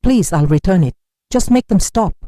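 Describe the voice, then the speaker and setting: A storyteller voicing a terrified young man who pleads and shouts in panic, begging for help. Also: high voice, animated, moderate pace, no room sound, studio quality, voice pushed up. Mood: desperate. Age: young adult. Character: desperate young male thief, terrified and cursed.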